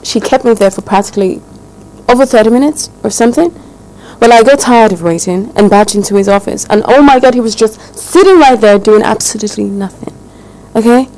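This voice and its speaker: A woman's voice: fairly high pitch, a little fast, a little mellow, close to an everyday voice, low-quality recording. An actress playing a spoiled young woman complaining indignantly to her parents about her neglectful partner, in a film drama. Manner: indignant, whiny.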